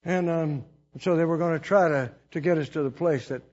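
A man's voice: on the high side, fairly quick, darkish tone, muffled recording. A man preaching a sermon, telling his own testimony in an earnest, emotional way with chuckles between lines.

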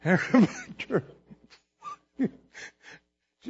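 A man's voice: fairly high pitch, unhurried, a little mellow, husky, highs cut off. A man preaching a sermon, telling his own testimony in an earnest, emotional way with chuckles between lines.

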